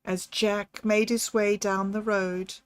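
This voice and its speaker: A woman narrating a novel aloud in a slow, measured storytelling voice. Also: medium pitch, level tone, smooth, dry recording. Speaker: audiobook narrator. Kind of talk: scripted narration.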